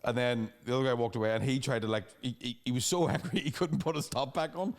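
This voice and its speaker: A young adult man, co-hosting a casual comedy podcast and telling animated stories. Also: medium pitch, fast talker. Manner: animated storyteller, mimics angry locals with shouted swearing. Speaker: podcast co-host.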